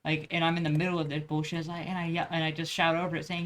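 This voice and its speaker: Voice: medium pitch, flat delivery, rapid-fire. Young vlogger, loose rambling chat while drawing, swears a lot. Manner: rambling, profane, many restarts.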